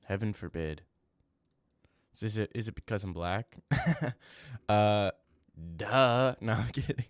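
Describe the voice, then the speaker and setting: A man's voice: lowish voice, takes it slowly, pauses often, no echo, studio quality. A young man livestreaming, chatting casually with his viewers and trash-talking them in slangy, rambling bursts. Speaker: livestreamer reading chat. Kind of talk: casual live-stream chat.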